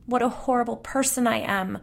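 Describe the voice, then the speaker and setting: A woman's voice: deep voice, fairly quick. A woman narrator voicing a grieving salon owner who pleads tearfully. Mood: distraught.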